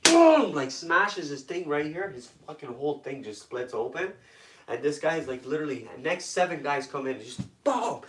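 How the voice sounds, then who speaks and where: A man from Toronto speaks off-mic in a roomy, echoing space. He tells hard stories as a guest in blunt, profane street talk at a middling pitch. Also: fairly bright tone, recorded from a distance, a little hiss or hum. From Toronto, Canada. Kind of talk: intense personal storytelling. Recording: echoey room, voice off-mic.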